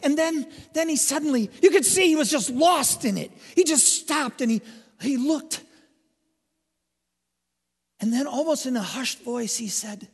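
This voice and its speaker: A man's voice: very high voice, expressive, unhurried, pauses often, big-room sound. An older man preaching a sermon as a pastor, telling a story and building to fervent emphasis.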